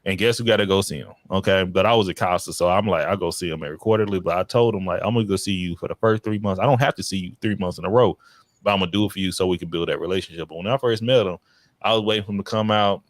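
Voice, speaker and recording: A man casually telling stories as a podcast guest about his child welfare work, in an animated, slangy way. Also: racing, no room sound. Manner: animated, slangy, breaks into high excited quoted voices. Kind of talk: casual storytelling chat.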